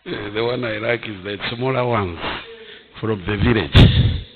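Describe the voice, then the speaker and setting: A man, preaching a sermon as pastor, breaking into shouted bursts and chuckles. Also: fairly low pitch, unhurried, slightly rough, phone-quality sound. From Zambia.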